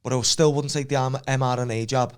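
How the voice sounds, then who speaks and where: A man's voice: mid-range voice, steady tone, fast, clear, resonant tone. Blunt male fighter, podcast guest, hammers his point home. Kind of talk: casual podcast debate.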